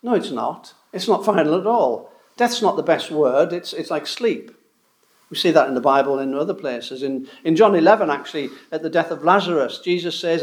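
A man preaching in a church hall, earnest and explanatory, often doubling a word as he restarts. His voice sits fairly high for a man, and the room gives it a roomy echo. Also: expressive, brisk. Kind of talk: sermon.

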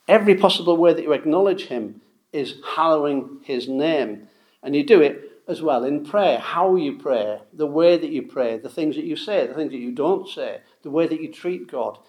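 A man's voice: a little high, a little mellow. A man preaching a sermon, emphatic and repeating key phrases for stress.

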